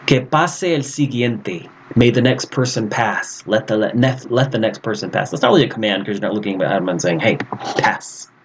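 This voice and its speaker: Guy, lowish voice, chill teacher going through slides, bit of hiss. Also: a little fast, few pauses, rough recording. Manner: casual, lively, talks over slides, acts out example phrases. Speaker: Spanish teacher. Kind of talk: recorded slide lecture.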